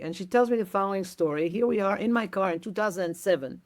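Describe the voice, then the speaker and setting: A woman guest telling an anecdote in a lively way, acting out the voices of the people in it. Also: mid-range voice, quick pace. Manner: lively, acts out others' words, frequent restarts. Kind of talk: animated storytelling with quoted dialogue.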